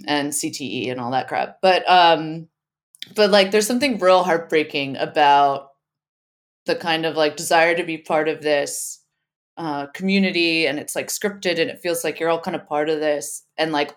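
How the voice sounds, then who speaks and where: A woman's voice: low voice, normal speed. A woman co-hosting a podcast in casual chat, rambling and often laughing as she talks. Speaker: podcast co-host.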